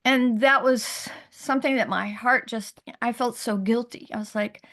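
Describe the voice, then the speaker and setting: Woman, middle-aged, gravelly, fairly high voice, earnest halting personal testimony over a video call. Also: a bit bright. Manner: earnest, halting, voice rising when upset. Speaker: guest sharing her story.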